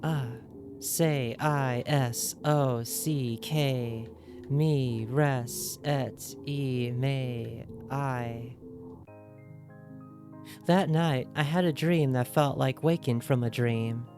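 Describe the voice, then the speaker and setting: A woman's voice: very deep voice, fairly even intonation, very slow. A woman streaming a video game, reading its text aloud in a loose put-on accent and joking with her viewers in a playful, giggly way. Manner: puts on a loose, inconsistent accent. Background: faint game music.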